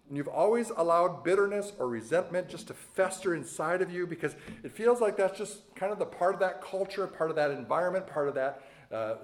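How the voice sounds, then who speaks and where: A male pastor delivering a sermon with a fairly high voice that swings widely up and down. He preaches conversationally and keeps tossing "right?" to the room. His delivery is lively and animated.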